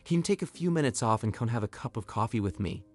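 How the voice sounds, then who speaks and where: A man reading the lines of a kindly older woman neighbor in an audio story, in a steady voice close to his own. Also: mid-range voice, quick pace, natural voice.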